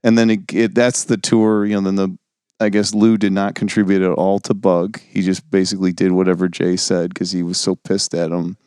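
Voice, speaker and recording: Smooth low-voiced man telling a story. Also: flat delivery, fairly quick, a little mellow, no echo, clean studio sound. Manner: rambling storyteller, hedging with "like". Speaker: podcast co-host. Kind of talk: casual chat about music and film.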